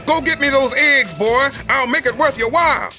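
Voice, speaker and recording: A folksy old country fellow. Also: male voice, extremely high pitch, moderate pace, pushed and bright, faint music behind, full character voice. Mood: coaxing. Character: folksy old country man with a hen house.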